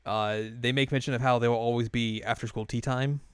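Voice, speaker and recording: A man's voice: mid-range voice, steady tone, fairly quick, clear, resonant tone, no room sound. Young male podcast co-host, casual rambling recap, clean resonant tone, dead-dry room. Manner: rambling, many fillers, laughs while retelling scenes.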